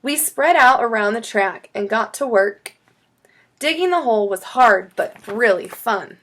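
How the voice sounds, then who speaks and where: Expressive woman reading a children's book. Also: on the high side, measured pace. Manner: expressive, storytelling. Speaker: storybook reader.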